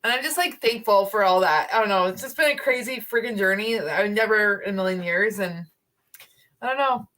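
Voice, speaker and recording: A woman's voice: mid-range voice, fairly quick, a bit bright. A woman hosting a casual livestream chat, chatty and laughing often, with many fillers. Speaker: paranormal channel host.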